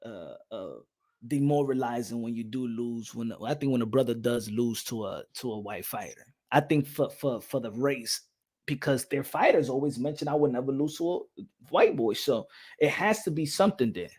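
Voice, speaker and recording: A man hosting a boxing podcast in a loud, animated rant, laughing and swearing often. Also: medium pitch, normal speed. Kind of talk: casual livestream rant.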